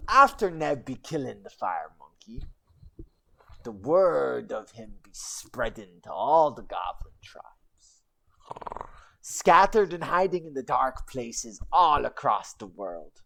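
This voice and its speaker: A woman's voice: a bass voice, big pitch swings, slow, gravelly, a bit bright. A woman streamer telling a goblin legend in rambling, broken goblin-style grammar, with chatty asides. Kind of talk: casual livestream storytelling.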